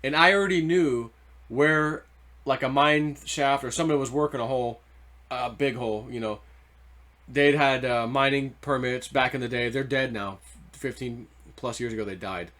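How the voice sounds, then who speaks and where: A man's voice: medium pitch, moderate pace, a bit bright. A man hosting his own video channel, telling a long story in a rambling, loose way full of "like" and "you know". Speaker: treasure-hunting video host. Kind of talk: casual storytelling monologue.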